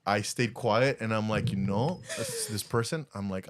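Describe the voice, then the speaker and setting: This podcast co-host has a lowish voice and talks at normal speed with few pauses. In casual conversation he tells a story animatedly, acting out the quotes.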